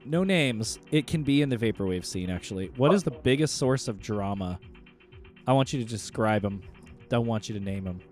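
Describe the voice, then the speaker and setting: A man's voice: lowish voice, lively intonation, normal speed, a little mellow, faint music behind. A man hosting a podcast in casual chat, laid-back and swearing freely as he reacts and reads out questions. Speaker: podcast host.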